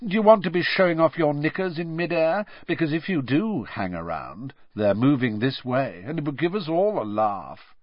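Brief: sneering drawling schoolboy wizard, read by a man, unhurried contempt, audiobook. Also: fairly high pitch, sing-song, no room sound, muffled recording, pitched above the performer's own voice.

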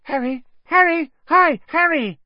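A man voicing an eager, starstruck young schoolboy who calls out excitedly in a high voice. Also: unhurried, no room sound. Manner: breathless, excited, calling out. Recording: dull lo-fi dry recording.

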